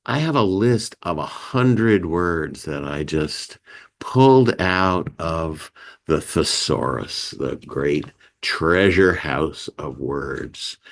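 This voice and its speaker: A man hosting a community meeting, teaching about feelings in a conversational way and acting out emotion words. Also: low-pitched. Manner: animated, acts out emotion words with gasps and sighs; conversational, many "you know" and "right". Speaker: meeting host and life skills teacher.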